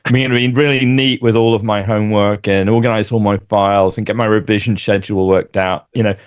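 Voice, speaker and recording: Male podcast guest, mid-pitched voice, reflective, self-deprecating, casual chat.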